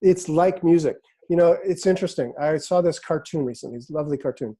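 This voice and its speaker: A middle-aged man, a hypnotist, talking casually in an interview and sliding into slow, hypnotic phrasing as he tells stories. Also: fairly high pitch, breathy edge. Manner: relaxed and storytelling, drops into slow hypnotic phrasing. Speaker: hypnotist explaining his method. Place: office in a big city.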